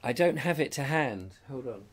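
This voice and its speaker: A man's voice: mid-range voice, expressive, normal speed, slightly rough. Chatty middle-aged man hosting. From Britain. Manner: chatty, reads comments aloud and reacts. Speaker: host reading viewer comments. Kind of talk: casual live-stream chat. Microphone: lapel mic.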